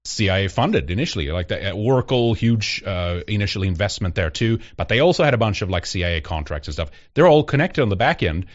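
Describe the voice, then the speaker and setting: A man hosting a talk show, chatting loosely with many restarts and reading out supporter shout-outs. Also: on the low side, sing-song, quick pace, hardly any pauses, muffled recording. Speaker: podcast host. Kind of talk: casual chat and live-show shout-outs.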